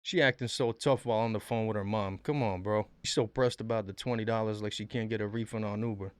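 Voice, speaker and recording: A man's voice: lowish voice, fairly even intonation, quick pace, clean tone, no room sound. A man hosting a reaction video, giving blunt, profane, mocking commentary on viral clips. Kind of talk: casual commentary.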